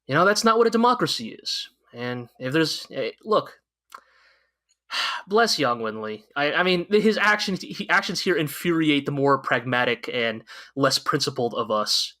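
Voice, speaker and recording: A man co-hosting a podcast, chatting about an anime in an excitable, rambling way, with frequent restarts and swearing. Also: on the high side, a little slow. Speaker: podcast co-host. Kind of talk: casual anime review chat.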